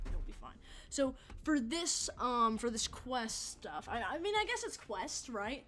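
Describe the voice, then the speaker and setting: A woman's voice: fairly high pitch, sing-song, moderate pace, a bit bright, soft background music. Young woman streamer, rambling and swearing. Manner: rambling, swears a lot, laughs often. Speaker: game streamer. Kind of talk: casual livestream chat over gameplay.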